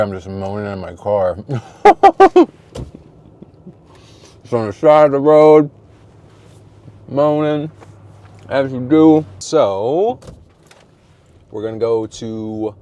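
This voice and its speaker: A man's voice: medium pitch, a little mellow. A man in his forties talking casually and candidly to his vlog audience from a parked car, rambling, self-deprecating, laughing often and swearing freely. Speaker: vlogger. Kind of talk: casual personal vlog chat.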